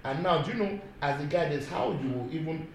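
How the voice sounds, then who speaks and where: A man with a Nigerian accent chatting casually as host, telling animated stories and slipping into Pidgin phrases. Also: on the high side, a little fast, creaky, crowd noise. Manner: animated storyteller who switches into Pidgin and Yoruba. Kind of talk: casual chat. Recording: echoey room with background noise.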